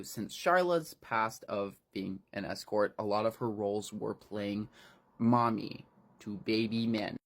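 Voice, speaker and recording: A man casually recapping a horror novel, rambling and swearing freely between fillers. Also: fairly low pitch. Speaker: book reviewer.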